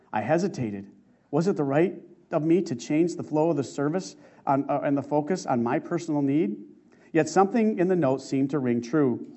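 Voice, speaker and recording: A man preaching a sermon, reading a testimony aloud in an earnest, emotive way with slow dramatic stresses. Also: fairly high pitch, expressive, a little mellow. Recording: muffled lo-fi recording.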